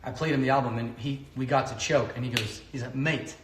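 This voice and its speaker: A man's voice: mid-range voice, fairly even intonation, fast, slight background noise. Chatty man in an echoey kitchen. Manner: loose, rambling, self-correcting. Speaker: home cooking show host and singer. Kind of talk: casual chat while cooking.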